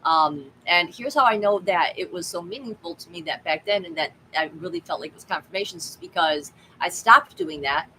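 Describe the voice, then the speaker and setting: A woman's voice: fairly low pitch, fairly quick, few pauses, pushed and bright, a little hiss or hum, poor audio. A woman tarot reader chatting casually on a live stream, swearing freely and reacting to the chat.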